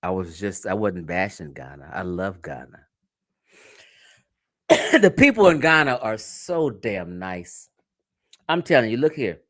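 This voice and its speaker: A man's voice: lowish voice, wildly swooping pitch, a little slow, long pauses, a bit bright, dry recording, clean studio sound. A man from the United States hosting a livestream, talking casually and profanely to his viewers, telling stories and laughing often. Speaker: livestream host.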